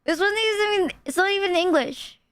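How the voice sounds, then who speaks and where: A woman streamer chatting casually while reacting to clips, blunt and quick to swear. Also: very high-pitched, a bit bright, no echo.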